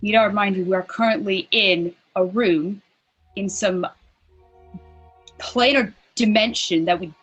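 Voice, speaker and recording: A woman's voice: medium pitch, a little slow, pauses often, a bit bright, husky, soft background music. A woman playing a tabletop game, talking in a matter-of-fact way. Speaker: player. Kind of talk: tabletop role-play chat.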